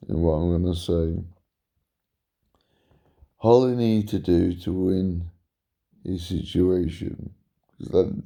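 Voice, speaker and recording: A man's voice: gravelly, mellow. A tired man rambling in a meandering, repetitive monologue to camera, yawning now and then. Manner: meandering, repeats himself, sudden pitch jumps. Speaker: vlogger.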